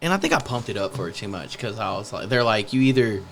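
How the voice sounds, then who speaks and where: A man's voice: on the low side, lively intonation, quick pace, fairly bright tone, slight background noise. A young man chatting casually as a podcast guest, laid-back and swearing freely. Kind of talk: casual chat.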